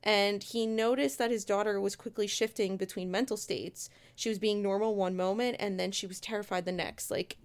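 A woman's voice: medium pitch, steady tone, fairly quick, few pauses. Woman chatting through a creepy true story, loose and conversational, lots of asides. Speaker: storyteller host. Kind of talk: casual true-crime storytelling.

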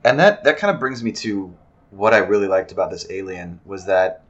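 A lowish-voiced man in casual film chat, thoughtfully steering the conversation along. His recording sounds dull and lo-fi. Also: expressive, a little fast, a bit bright. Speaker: podcast co-host. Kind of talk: casual movie discussion.

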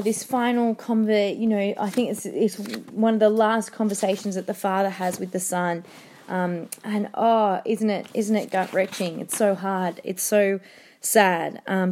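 A woman teacher talks her class through a novel in a mellow, warm voice. She speaks hesitantly, filling pauses with ums and restarting her sentences. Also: fairly low pitch. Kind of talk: reading aloud and discussing a novel in class.

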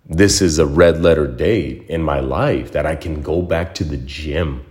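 In a casual solo podcast, a young host speaks unhurriedly with an extremely low, darkish voice. Talking through his own story, he's reflective and heartfelt, repeating words as he pulls his thoughts together.

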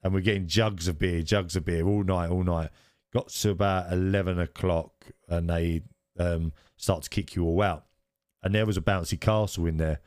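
A man's voice: deep voice, steady tone, moderate pace, darkish tone, dry recording, clean studio sound. A man in his forties, co-hosting a podcast and rambling through a funny story while laughing at himself. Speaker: podcast co-host. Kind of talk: casual storytelling chat.

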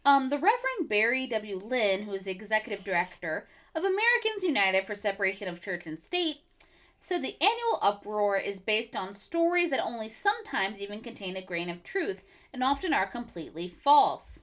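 Sarcastic woman with a lively voice. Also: medium pitch, moderate pace. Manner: sarcastic and blunt. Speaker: podcast co-host. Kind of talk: casual chat, reading from notes.

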